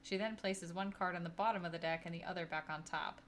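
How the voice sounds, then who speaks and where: A woman's voice: on the low side, fairly even intonation, fast. A woman playing on a board game stream, casual and bubbly, with playful exclamations. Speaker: board game show player. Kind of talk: casual play on a live stream.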